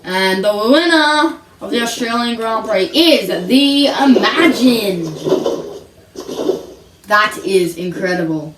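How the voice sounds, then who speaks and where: A woman giving playful, excitable mock race commentary on a video game, sometimes singing her calls. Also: fairly high pitch, takes it slowly, reverberant, far from the mic, a crowd in the background.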